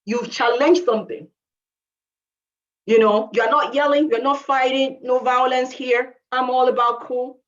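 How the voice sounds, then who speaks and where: A woman's voice: high voice, fairly even intonation, normal speed, highs cut off. A woman who moved to Canada, giving a conversational motivational talk to young people, repeating herself and saying "you know" often. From immigrant to Canada. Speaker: youth workshop speaker.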